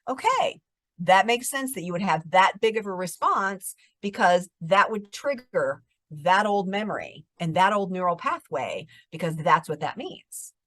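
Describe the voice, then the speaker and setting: A woman's voice: lowish voice, normal speed, hardly any pauses, no room sound. Woman therapist explaining in conversation. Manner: explanatory, animated storytelling, drops to a calm soft voice when demonstrating. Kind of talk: conversational interview.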